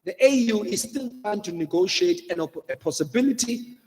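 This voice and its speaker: A man's voice: high voice, lively intonation, moderate pace, a little mellow, long reverb tail. A man with a South African accent preaching a sermon as a pastor, earnestly pleading and repeating his warnings, slipping Xhosa phrases into his English. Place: church hall.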